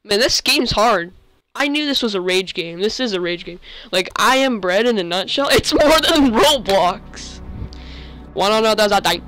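A young male gamer giving rambling, excitable commentary while playing, often breaking into sudden outbursts. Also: sits high, moderate pace. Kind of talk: game commentary. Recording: faint music behind.

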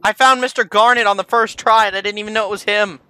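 A player in a co-op video game, chatting casually and calmly giving directions to a teammate. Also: mid-range voice, quick pace. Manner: steady, explains and directs.

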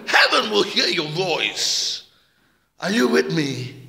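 A man's voice: sits high, big pitch swings, takes it slowly, gravelly, pushed and bright. A male pastor preaching a passionate sermon, repeating words and calling out amen and hallelujah. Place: church hall. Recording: echoey church hall with long reverb.

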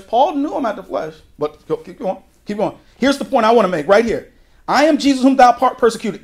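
High-voiced man teaching the Bible casually. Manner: conversational, with folksy asides and quoted voices; emphatic, with sudden drops to a quiet voice. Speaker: pastor.

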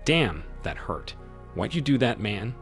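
A man's voice: fairly low pitch, big pitch swings, unhurried, soft background music. A man voicing a big, injured, frightened lover in a storybook reading. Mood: scared.

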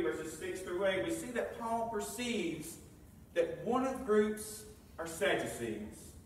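A man's voice: sits high, a little hiss or hum. A man preaching a sermon, reading scripture aloud and asking the congregation questions. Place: church sanctuary. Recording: very echoey room, mic far off.

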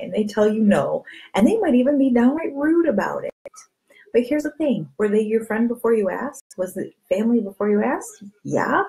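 Speaking to camera, a woman coaches her direct sales team in a candid, chatty style, repeating catchphrases and animatedly acting out talks with friends by changing her voice for each one. Her voice is a little high with vocal fry, at normal speed, on a low-quality recording.

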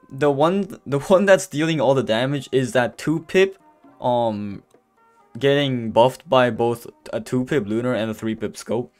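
A man giving a casual gameplay voice-over, rambling with many fillers and restarts and openly stumbling over his words. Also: mid-range voice. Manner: says he is stuttering and can barely speak. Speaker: gameplay commentator. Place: voice-over recorded apart from the footage. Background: faint background music.

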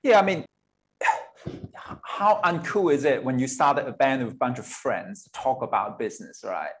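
In a casual interview, a guest guitarist from Hong Kong in his 40s speaks candidly in an expressive, mid-range voice at normal speed. Between thoughts he laughs, and he swears from time to time.

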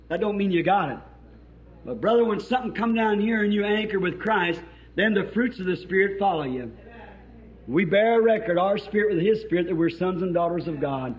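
A man's voice: high-pitched, expressive, moderate pace. A man with a Southern American accent preaching a sermon with fervent emphasis, recorded on old tape. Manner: fervent, rising to shouts, then soft prayer. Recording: dull lo-fi archival tape.

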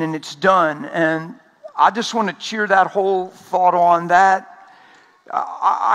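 Man, energetic sermon, high pitch, bright tone, laughs often. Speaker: preacher.

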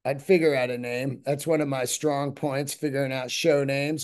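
A man's voice: mid-range voice, flat delivery, normal speed, few pauses, darkish tone, smooth. A man hosting a podcast, talking in a rambling, profane casual monologue and acting out the people in his stories. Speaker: podcast host.

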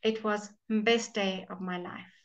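Unhurried female teacher walking a class through grammar answers, muffled stream sound. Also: medium pitch, steady tone. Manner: slow, patient, explaining with repeated "okay?" checks. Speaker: English teacher. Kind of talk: live online grammar lesson.

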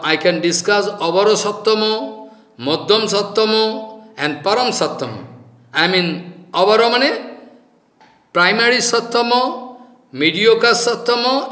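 A man's voice: high-pitched, bright, forceful tone, echoey room. A man giving a devotional lecture in English, emphatic and repetitive, sometimes mocking others in put-on voices. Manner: emphatic, mocking impressions of others, repeats phrases. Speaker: spiritual teacher.

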